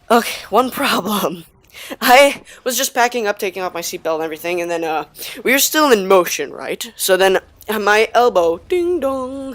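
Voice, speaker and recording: Teen guy rambling thru a story over gameplay, home mic, keeps doing little voices for ppl. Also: high voice. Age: teens. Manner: rambling, excitable anecdote with acted-out quotes. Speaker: gaming channel host.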